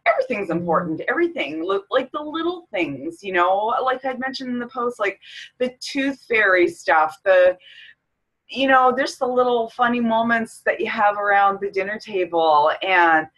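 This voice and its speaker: A woman's voice: mid-range voice, expressive, moderate pace, fairly bright tone, rough recording. A middle-aged woman from Canada, a fitness coach, talking openly to camera in a personal vlog, emotional and close to tears. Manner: emotional, tearful, candid.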